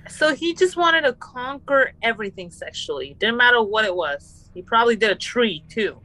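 A woman's voice: a little high, sing-song, normal speed, sharp tone. A woman co-hosting a podcast in casual chat, blunt and easily disgusted. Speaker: co-host.

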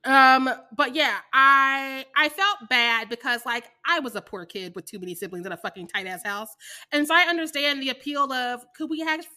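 High bright-voiced woman, animated and laughing. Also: moderate pace. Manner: animated, laughs often, acts out quotes. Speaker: podcast co-host. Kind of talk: casual chat.

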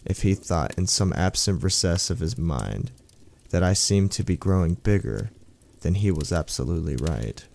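Man, horror story narration, very deep voice, gravelly, dark, slow and brooding. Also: very animated, a little hiss or hum.

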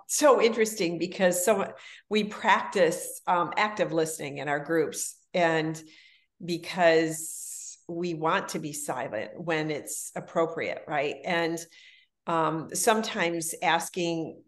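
Measured woman interviewer, low-pitched and unhurried. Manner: measured, affirming, thoughtful questions. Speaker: interview host. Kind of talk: conversational interview.

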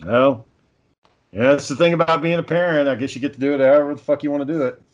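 A man's voice: a little high, steady tone, quick pace, dull audio. A young man telling stories in a casual chat, rambling and swearing, acting out what people said. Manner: rambling storytelling, heavy swearing, acts out quotes.

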